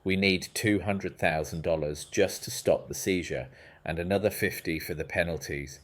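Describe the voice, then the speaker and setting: A man's voice: sits low, normal speed, lightly acted. A man voicing an anxious, pampered sister in a storybook reading, speaking urgently.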